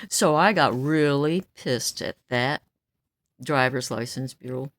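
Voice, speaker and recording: A woman's voice: deep voice, very animated, slow, no room sound, clean studio sound. A woman in her seventies venting in a blunt, stern, outspoken way, breaking into laughs between remarks. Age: 70s. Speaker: vlogger. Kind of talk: casual venting monologue.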